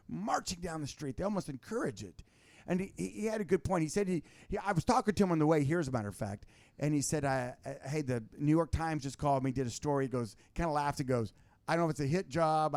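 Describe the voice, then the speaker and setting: A man, a guest on a talk show, telling stories in casual political chat, animated and full of restarts. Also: fairly high pitch, no room sound. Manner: animated storytelling with many restarts.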